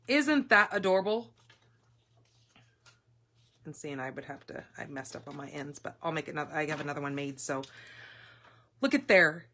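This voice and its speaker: Woman, live craft demo, gushing and chatty, fairly low voice, camera mic at a work table. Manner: chatty, gushing, excitable with fillers. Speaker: papercraft demonstrator hosting a live class. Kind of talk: casual live craft demonstration.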